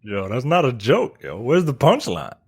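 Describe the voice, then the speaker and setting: A man's voice: medium pitch, big pitch swings, moderate pace, husky, no echo. A man co-hosting a movie review podcast, reacting with blunt, profane jokes. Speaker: podcast co-host. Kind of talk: casual movie review chat.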